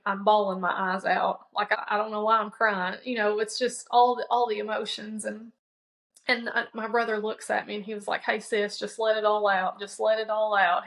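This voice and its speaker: Woman telling a story in a flat voice. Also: mid-range voice, poor audio. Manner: conversational, many fillers and restarts; quotes herself and others in dialogue. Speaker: podcast guest. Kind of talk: personal storytelling.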